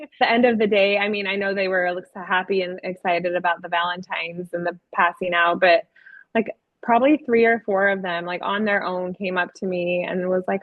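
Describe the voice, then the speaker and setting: A woman who teaches kindergarten recounts her classroom in an easygoing, rambling way, leaning on "like" and "you know." Her voice sits at an ordinary middle pitch. The sound is thin and tinny, as over a phone line, with no room echo. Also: steady tone, a little fast. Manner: chatty, heavy use of "like" and "you know". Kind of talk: casual storytelling in an interview.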